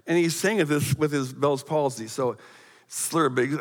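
A middle-aged man giving a guest sermon, telling a personal story with animated, emphatic rises and frequent stammered restarts. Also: a little high, unhurried. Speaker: guest speaker. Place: church sanctuary. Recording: long hall reverb.

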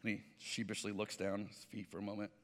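A man's voice: on the low side, monotone, fast talker, in a large hall. A man preaching a sermon, telling stories in a conversational way and acting out the voices of the people in them. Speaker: pastor.

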